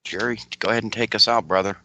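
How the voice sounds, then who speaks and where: Bright-voiced male radio co-host. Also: lowish voice, steady tone, fast, highs cut off. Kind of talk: casual talk radio chat.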